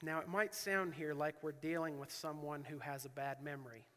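A man with a high, bright voice preaches a sermon in a church. He reads scripture aloud with earnest, rising emphasis. His voice carries a long reverb through the hall. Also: fairly even intonation, moderate pace.

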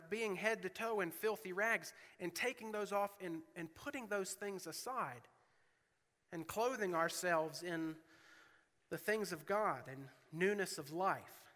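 A man's voice: high voice, sharp tone, long reverb tail. A man preaching a sermon, reading scripture aloud with earnest, rising emphasis.

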